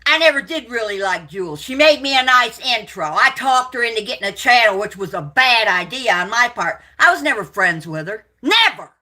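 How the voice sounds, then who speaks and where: A woman's voice: on the high side, expressive, brisk, few pauses, pushed and bright. A middle-aged woman, hosting a livestream and delivering an angry, profane rant full of insults. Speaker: livestream host.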